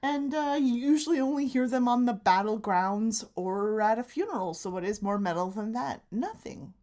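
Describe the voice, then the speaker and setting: Woman in her forties, podcast co-host, high voice with lively swings, laughs a lot. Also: moderate pace. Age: 40s. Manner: laughs often, playful and excitable. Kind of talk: casual chat.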